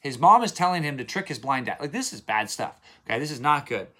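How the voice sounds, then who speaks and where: A Bible reading teacher offers casual daily commentary, retelling the stories in plain modern speech, checking in with listeners and repeating points for emphasis. His mid-range voice is sharp, quick, and swings widely in pitch.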